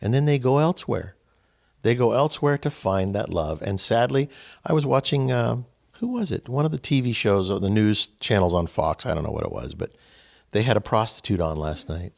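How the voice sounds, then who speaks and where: A man's voice: on the low side, normal speed, vocal fry. A middle-aged man hosting a casual spiritual group discussion, telling stories with asides. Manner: animated storytelling with asides.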